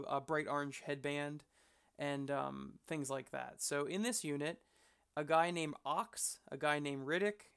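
Bright, gravelly man talking hobby. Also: a little high. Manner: enthusiastic, rambling, self-deprecating. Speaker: hobby channel host. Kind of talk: casual hobby talk to camera.

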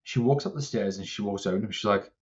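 Speaking quickly in a fairly low voice, this man, a strength coach, co-hosts a laid-back podcast and brings a story to life by voicing both people in it, with the occasional curse. The audio lacks high frequencies.

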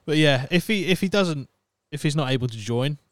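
A man hosting a podcast in a relaxed, casual way, swearing now and then and talking to his listeners. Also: a little high, fairly quick, no echo. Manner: relaxed, swears casually, reads chat aloud. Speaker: podcast host. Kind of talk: casual chat.

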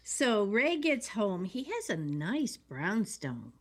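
A woman with a mid-pitched voice lays out a film's plot at a slow, steady pace. She tells it in casual conversation and stops now and then to quote a line. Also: husky. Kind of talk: casual movie recap chat.

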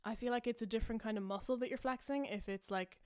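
A woman's voice: on the high side, fast, clean tone. A young woman hosting a podcast, rambling casually through a made-up story, full of fillers and self-amused asides. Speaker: podcast host.

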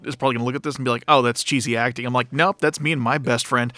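A man joining as a guest in a casual movie chat, jumping in with quick jokes. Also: medium pitch, fairly even intonation, bright, forceful tone, no echo. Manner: quick, joking interjections.

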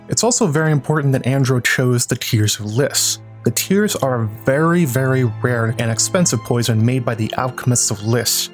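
Male narrator, analytical scripted explainer, light music under. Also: medium pitch. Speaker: lore video narrator.

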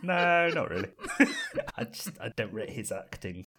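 A man's voice: mid-range voice, big pitch swings, measured pace, a bit bright. A man co-hosting a casual film podcast, joking and putting on silly voices. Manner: jokey, puts on silly voices. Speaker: podcast co-host. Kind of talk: casual chat.

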